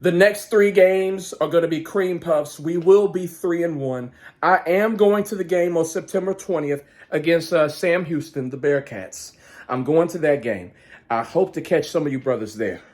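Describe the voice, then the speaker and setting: A man ranting about a football game as a fan vlogger, profane, swinging between shouted outbursts and low muttering. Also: moderate pace. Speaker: sports vlogger. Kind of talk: angry fan rant.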